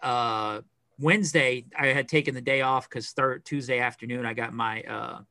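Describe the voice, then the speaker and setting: A middle-aged man co-hosting a podcast, chatting casually in a rambling, animated way with lots of fillers. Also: medium pitch, moderate pace, clean tone, no echo, clean studio sound. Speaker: podcast co-host. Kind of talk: casual chat.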